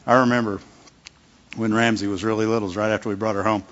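A man's voice: fairly low pitch, little pitch movement, fast talker, a bit bright. A middle-aged male pastor giving a conversational sermon, often repeating words and asking the congregation "Amen?". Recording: long hall reverb, dull lo-fi sound.

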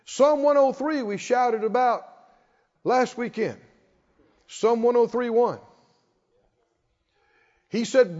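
A man preaching a sermon as pastor, leading the congregation in call-and-response and building to emphatic shouts. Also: extremely high pitch, slow, pauses often. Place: church sanctuary. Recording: reverberant hall, dull lo-fi sound.

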